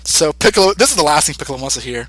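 Podcast guy recapping an episode, bright voice, bit high, dry close mic. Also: no room sound, poor audio. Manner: animated, acts out character lines in quick put-on voices. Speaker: podcast co-host.

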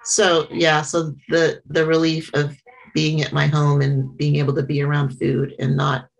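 A middle-aged woman sharing her story at a small meeting, halting and earnest, with frequent pauses and restarts. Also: sits low, completely flat delivery, gravelly, poor audio. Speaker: member sharing at a support meeting. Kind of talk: personal share at a small meeting.

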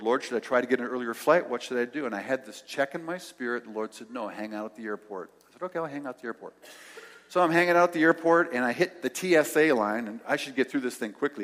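An older male pastor telling a story in a sermon, acting out the dialogue and dropping to soft tones. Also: medium pitch, fast talker. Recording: long hall reverb.

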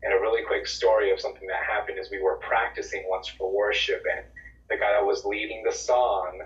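Low-voiced man, distant lo-fi sound. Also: fairly bright tone. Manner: earnest, storytelling, repeats words when starting. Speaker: podcast co-host. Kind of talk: reflective faith talk.

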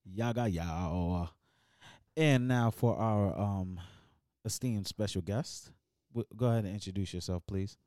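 A man's voice: fairly low pitch, moderate pace, mellow, no echo, studio quality. A man hosting a podcast, chatting casually, teasing his guest and throwing in preacher-style call-outs. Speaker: podcast host.

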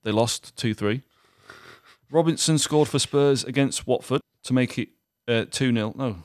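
A man's voice: medium pitch, a little slow, dry recording, clean studio sound. A young man hosting a casual podcast, teasing his co-host with jokes, laughter and the odd swear word while running a quiz. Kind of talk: casual banter.

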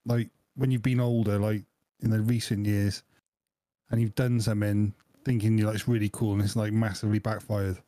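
A man's voice: fairly low pitch, flat delivery, mellow, no room sound, studio quality. A man in his forties co-hosting a podcast, chipping in with teasing quips and questions. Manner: quick teasing asides and questions. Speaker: podcast co-host. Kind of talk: casual chat.

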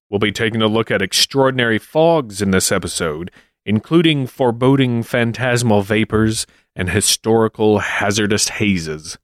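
Low-voiced podcast dude, deadpan one-liners, dry close sound. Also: male voice, normal speed, no room sound. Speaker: podcast co-host. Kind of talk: casual chat with scripted intro.

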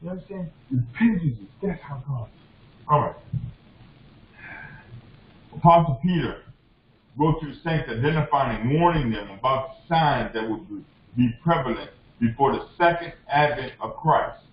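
A man's voice: mid-range voice, animated, normal speed, slight background noise. A man preaching a sermon as a bishop, impassioned and repetitive, often calling out to the congregation. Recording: echoey dull lo-fi room recording.

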